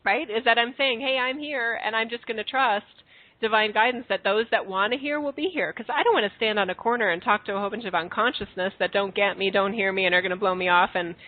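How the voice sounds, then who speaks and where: Speaking quickly in a mid-range voice, a woman hosts a spiritual call-in podcast and talks to her callers in an effusive, affectionate way. The audio has a tinny, phone-like sound.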